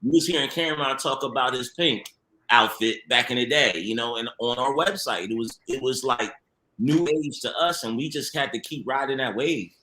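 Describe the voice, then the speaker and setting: A man's voice: mid-range voice, moderate pace, sharp tone, reverberant. A man who works as a TV producer, telling stories in a casual, slangy conversation and laughing often. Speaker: TV producer guest.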